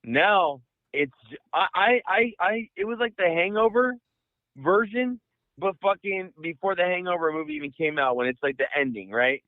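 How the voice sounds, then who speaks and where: A young man from the Bay Area telling a long profane story on a podcast, rambling and animated. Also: high voice, moderate pace, no echo. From San Francisco Bay Area. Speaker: podcast host. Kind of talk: casual storytelling. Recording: dry, phone-like audio.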